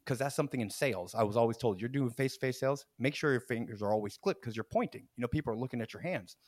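A podcast host in his forties tells a story in an easy, chatty way, slipping into the voices of the people he quotes and breaking into laughter. His voice sits at an ordinary middle pitch. The sound is dry and close, with no room around it. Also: racing, no room sound. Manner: animated, acts out quotes, laughs mid-story, frequent restarts. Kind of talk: casual storytelling.

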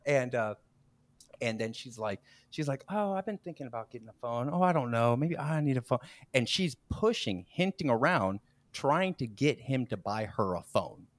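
A man's voice: mid-range voice, normal speed, dry recording. A man in his forties, a podcast host, telling a workplace story in casual chat, acting out quotes, laughing as he goes and often restarting his sentences. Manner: animated, acts out quotes, laughs mid-story, frequent restarts.

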